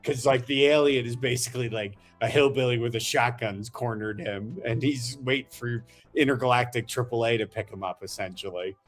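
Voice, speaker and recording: Man, casual hobby host, mid-pitch, rambling and enthusiastic. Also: fairly even intonation, a little fast, few pauses, soft background music. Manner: chatty, rambling, enthusiastic storyteller. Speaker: miniature painting host. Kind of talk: casual chat while painting.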